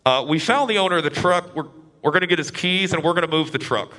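A man's voice: fairly high pitch, fast, sharp tone. A man voicing a male airline pilot making apologetic announcements over the intercom.

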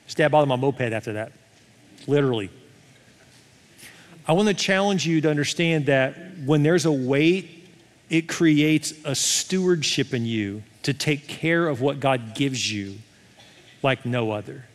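A middle-aged male pastor preaching a sermon in a conversational, animated way, often asking the crowd questions. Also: mid-range voice, measured pace, long pauses. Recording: long hall reverb.

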